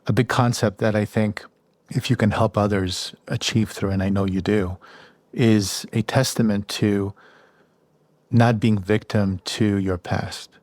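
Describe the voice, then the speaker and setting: Male podcast host, low voice, encouraging interviewer, dry recording. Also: steady tone, unhurried, a little mellow, dry recording. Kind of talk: interview questions.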